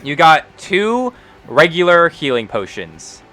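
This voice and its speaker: A man's voice: on the high side, sing-song, slow, bright, forceful tone. A man narrating a tabletop game as game master, in a laid-back, chatty way.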